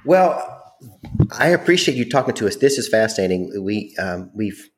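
A man's voice: fairly low pitch, big pitch swings, moderate pace. A man hosting a podcast in casual chat, carefully restating points, with fillers. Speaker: podcast host.

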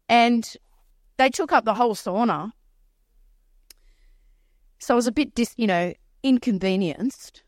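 A woman minister preaching, telling a story with lively, acted-out dialogue and repeated phrases. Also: mid-range voice, no echo, clean studio sound. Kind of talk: sermon storytelling.

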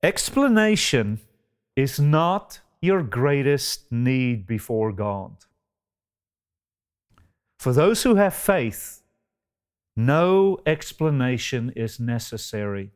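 A man preaching a sermon with a slow, dramatic delivery, full of rhetorical questions and addressing his listeners as beloved. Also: medium pitch, sing-song, clear, resonant tone.

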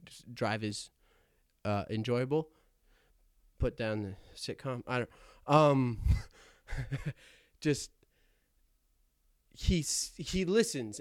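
A young man talks at a mid-pitched, everyday level while standing in his attic, hosting his podcast. He rambles, stutters and keeps cracking self-deprecating jokes at his own expense. The sound is dry and close, with no room echo. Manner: self-deprecating, stammering, jokey asides. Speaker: podcast host. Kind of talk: rambling comedic podcast monologue.

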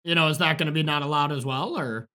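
Bright, higher-voiced man asking questions. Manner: brief questions and quick agreements. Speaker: podcast co-host. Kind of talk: casual chat.

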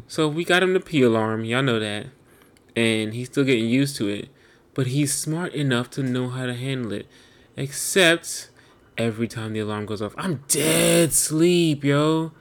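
A man co-hosting a casual podcast, telling lively family stories and acting out voices. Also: medium pitch. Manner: animated storyteller, acts out voices. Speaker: podcast co-host. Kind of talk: casual chat.

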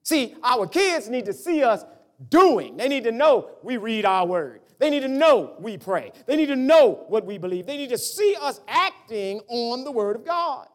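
Speaking at a moderate pace in a very high voice, this pastor delivers an animated sermon. Family stories fill it, and he performs his parents' voices as he recounts their conversations.

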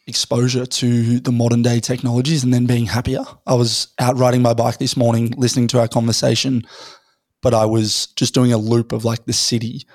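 A man, a little hoarse from losing his voice, rambling through a casual podcast conversation and thinking aloud with many fillers. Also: medium pitch, a little mellow, dry recording, clean studio sound. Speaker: podcast guest.

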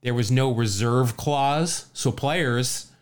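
A man's voice: mid-range voice, slow pace, smooth. Laid-back man telling baseball stories. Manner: laughs often, storytelling with asides. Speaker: podcast co-host. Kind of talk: casual baseball history chat.

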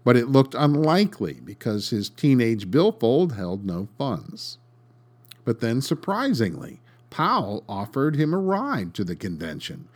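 A man's voice: mid-range voice, very animated, measured pace. A man hosting a podcast, reading a scripted history narration with dry, sarcastic asides. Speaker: podcast host.

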